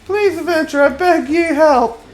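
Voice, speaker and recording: A frightened refugee father begs in a strained Cockney voice, put on by a man reading a video game aloud. He stammers and pleads, pitched far above a normal man's speech. Soft game music hums underneath. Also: unhurried. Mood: pleading.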